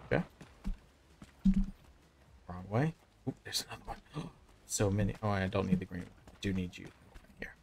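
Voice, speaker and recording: A man's voice: low-pitched, fairly even intonation, normal speed, creaky, long pauses, a little mellow, a little hiss or hum. A man in his thirties with a Southern American accent, chatting casually to viewers while narrating his gameplay. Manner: chatty, talks to himself and to chat while playing. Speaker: game streamer. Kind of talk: live gameplay commentary.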